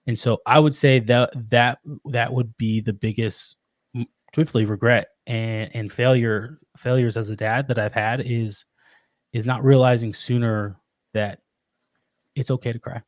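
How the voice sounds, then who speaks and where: A man talking as a podcast guest about being a father, earnest and reflective, often pausing and restarting his sentences. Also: medium pitch, steady tone, no echo. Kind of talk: casual interview.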